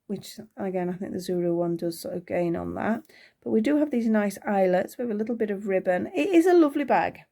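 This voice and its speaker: A woman's voice: mid-range voice, creaky. A woman from the UK chatting as she unboxes and reviews doll accessories, thinking aloud as she goes, with a voice she says is going. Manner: chatty, thinking aloud, small excited gasps. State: losing her voice. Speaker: toy unboxing vlogger.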